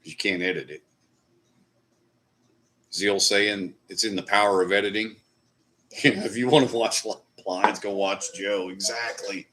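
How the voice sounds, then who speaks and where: A man's voice: on the low side, fairly even intonation, moderate pace, pauses often, pushed and bright, a little hiss or hum. A man hosting a casual live stream, chatting loosely with viewers and swearing now and then. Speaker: livestream host. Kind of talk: casual live chat reading comments.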